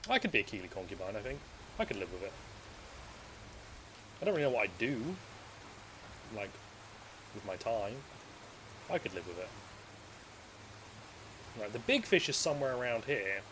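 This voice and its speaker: A man's voice: on the low side, sing-song, moderate pace, pauses often, a bit bright, a little hiss or hum. A man streaming gameplay, rambling and joking casually as he plays, swearing freely. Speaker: streamer playing a video game. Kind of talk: casual live gameplay commentary.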